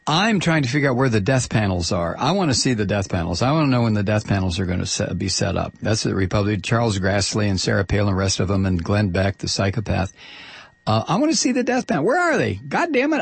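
A male talk radio host rants and mocks in a gravelly, husky voice, stumbling over fillers and restarts. His pitch swings widely and often jumps into high shouts. The sound is dry and close to the mic. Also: dry recording. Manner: ranting and mocking, with bursts of high-pitched shouting; halting, with many fillers and restarts. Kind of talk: political talk radio monologue.

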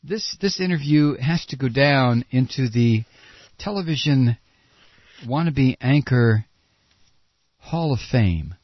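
A man's voice: mid-range voice, animated, takes it slowly, pauses often, no echo, highs cut off. A man hosting a satirical radio show, sarcastic and ranting. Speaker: radio comedy host. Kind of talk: satirical commentary.

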